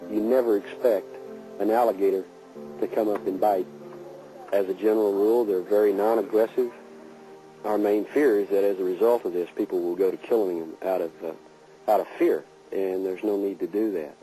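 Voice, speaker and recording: A Texan game warden gives firm advice. His voice is very dark and mellow, set fairly low. Faint music sits behind. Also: steady tone, a little fast, poor audio. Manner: firm, advising. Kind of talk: documentary interview.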